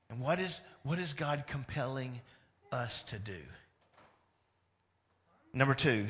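Animated male pastor preaching a sermon. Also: mid-range voice. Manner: animated, swings between loud emphasis and hushed lines.

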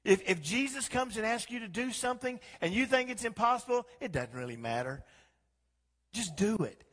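A man preaching a sermon as pastor, swinging from quiet talk to loud, impassioned exhortation. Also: high voice, animated, normal speed, big-room sound. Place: church sanctuary.

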